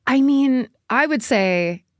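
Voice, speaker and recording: A woman's voice: sits high, lively intonation, slow pace, no room sound, clean studio sound. A woman co-hosting a podcast, reacting and chatting casually with frequent exclamations. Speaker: podcast co-host. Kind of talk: casual chat.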